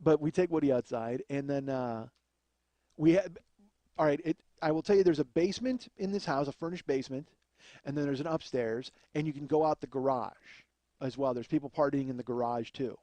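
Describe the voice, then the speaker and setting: A man's voice: mid-range voice, brisk, mellow, dry recording. A man telling a rambling, profane comic story as a podcast host, often laughing at his own tale. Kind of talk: comedic storytelling.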